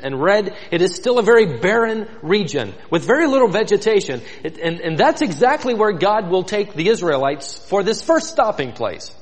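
A man's voice: sits high, in a large hall. A man preaching an expository sermon, vividly retelling scripture scenes and inviting listeners to imagine themselves there.

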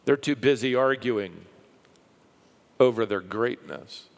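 A man preaching a sermon, telling stories with lively rises and a hushed drop for the quiet parts. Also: medium pitch, slow, vocal fry. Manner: lively storytelling, dropping to a hush for quiet lines. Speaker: pastor. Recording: long hall reverb.

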